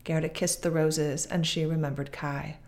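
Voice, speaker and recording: A woman with a low voice, a guest on a podcast, reads a fairty tale aloud. She narrates at a storyteller's steady pace, measured and expressive.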